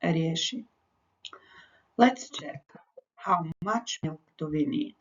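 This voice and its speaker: Slow woman teacher. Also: lowish voice, expressive. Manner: patient, repeats each instruction in both languages. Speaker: English teacher. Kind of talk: recorded English lesson with Croatian explanations. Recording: dull lo-fi recording.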